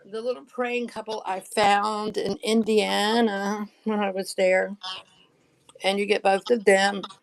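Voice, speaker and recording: A woman's voice: mid-range voice, little pitch movement, slow pace, low-quality recording. A woman hosting a live sale. She chats casually, laughs often and shows items one by one.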